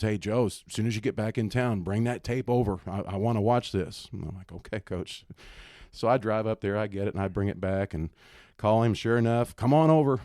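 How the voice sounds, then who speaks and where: A man's voice: fairly low pitch, a little mellow, no echo, studio quality. A middle-aged man, a former basketball coach, telling stories as a podcast guest, laughing often and acting out other people's lines. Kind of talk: storytelling in casual podcast chat.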